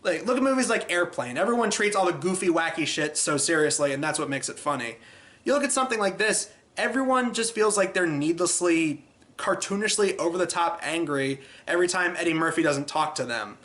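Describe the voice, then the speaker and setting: Bright-voiced chatty film reviewer, man. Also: on the high side, brisk. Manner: chatty, exasperated, animated.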